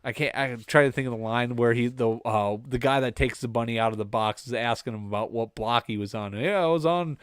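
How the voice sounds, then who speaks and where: A young adult man co-hosts a casual podcast with a smooth, resonant voice. He rambles through his thoughts with easygoing enthusiasm, recorded dry and close. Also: mid-range voice, level tone, a little fast, hardly any pauses, no room sound. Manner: rambling, enthusiastic movie talk. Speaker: podcast co-host.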